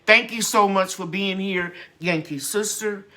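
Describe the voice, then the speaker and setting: A woman's voice: medium pitch, a little slow, sharp tone. A woman hosting a gardening channel's live stream chat, talking in a heartfelt, grateful and encouraging way.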